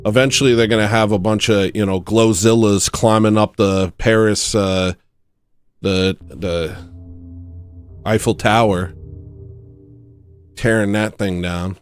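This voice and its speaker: A man's voice: fairly low pitch, steady tone, slow, long pauses, soft background music. A man hosting a livestream, rambling through a comedic monologue that jumps between tangents and laughs at his own jokes. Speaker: livestream host.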